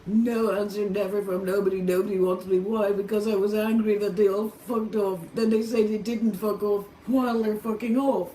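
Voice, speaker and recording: A woman's voice: medium pitch, level tone, moderate pace, few pauses, mellow, distant mic. Distressed Irish woman in an echoey room. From Ireland. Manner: distressed, swearing heavily, rising to angry outbursts. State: tearful and distressed. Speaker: vlogger. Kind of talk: raw emotional monologue to camera. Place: motel room. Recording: roomy, off-mic with faint background hum.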